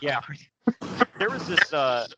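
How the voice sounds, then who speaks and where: A man's voice: fairly high pitch, expressive, slow pace, lo-fi sound, heavy background noise. A man in casual podcast chat, telling rambling stories between laughs. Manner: laughing storyteller, loose and rambling. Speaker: podcast co-host.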